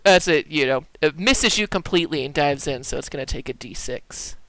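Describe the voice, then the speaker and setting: A man's voice: a little high, lively intonation, brisk, sharp tone, slight background noise. A man narrating as dungeon master in a casual tabletop game, talking loosely with many fillers. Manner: loose, filler-heavy descriptions.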